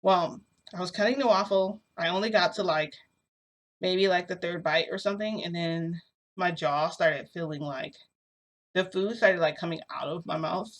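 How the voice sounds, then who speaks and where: A woman telling a long story to her camera in a rambling, animated way, with lots of fillers, filmed indoors at home. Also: fairly low pitch, normal speed. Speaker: vlogger. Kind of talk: casual storytelling vlog. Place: indoors at home under a bright light.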